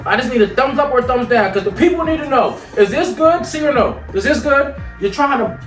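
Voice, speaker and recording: A very high-voiced man from York, Pennsylvania, preaches motivation with energy and then slips into teasing banter. He sounds a little far from the mic in an echoey kitchen, with faint music underneath. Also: lively intonation, fairly quick, fairly bright tone. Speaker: motivational speaker and show host. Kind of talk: casual motivational talk while cooking.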